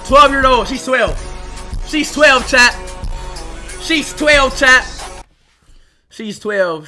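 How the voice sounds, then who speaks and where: Loud excitable young streamer man. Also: very high-pitched, drawn-out words, pauses often, faint music behind. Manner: loud, excitable, swearing, sudden shouts. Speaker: livestreamer. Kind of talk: live reaction stream.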